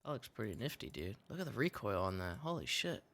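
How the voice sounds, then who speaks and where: A man's voice: fairly low pitch, quick pace. A man streaming a shooter game, chatting casually with lots of swearing and laughter. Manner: swearing, laughing, excitable outbursts. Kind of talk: casual gaming stream chat.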